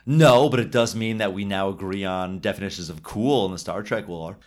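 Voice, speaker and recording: A man's voice: sits low, moderate pace. Dry, trivia-loving man on a podcast. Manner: dry, playfully argumentative, lists film trivia. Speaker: podcast co-host. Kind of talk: casual podcast chat.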